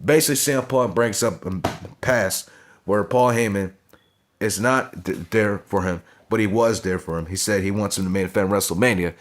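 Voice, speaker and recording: A man's voice: on the low side, moderate pace. A young man reviewing a wrestling show in a blunt, profane casual rant, often asking "you understand?".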